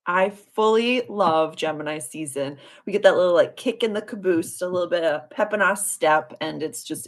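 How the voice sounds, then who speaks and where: A woman hosting a casual live astrology stream, chatting to viewers in a bubbly, effusive way with lots of fillers. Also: fairly low pitch. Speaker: astrology livestream host.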